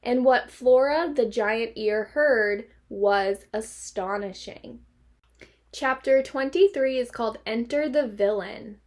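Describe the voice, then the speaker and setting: A woman teacher reading a children's novel aloud to her class, expressive and lively. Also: a little high, takes it slowly.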